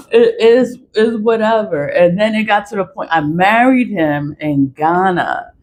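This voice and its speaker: A woman's voice: mid-range voice, slow pace, darkish tone, slight background noise. Blunt, profane woman venting a story. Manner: emphatic, repeats herself for stress. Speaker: vlogger. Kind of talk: casual storytelling monologue.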